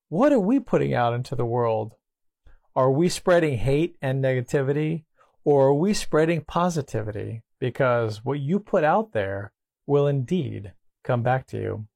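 A man hosting a self-help clip, calmly telling a motivational parable in a gentle storytelling manner. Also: mid-range voice, gravelly, no echo, clean studio sound.

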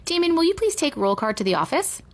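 A woman reading aloud, voicing a brisk female teacher who gives classroom commands. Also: high-pitched, big pitch swings, pitched above the performer's own voice.

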